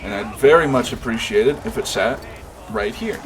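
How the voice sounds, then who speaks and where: A man voicing a drunken, cynical dark elf monk, a bit of a loser, in a slurred drunk voice. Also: medium pitch, big pitch swings, moderate pace, gravelly, a crowd in the background, low-quality recording. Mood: drowsy menacing.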